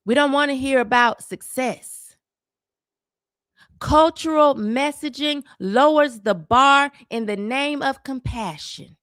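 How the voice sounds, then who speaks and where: A woman's voice: sits high, slow pace, a bit bright, dry recording, clean studio sound. An adult woman giving a sarcastic, scolding opinion monologue as a social commentator, repeating words as she gets fired up.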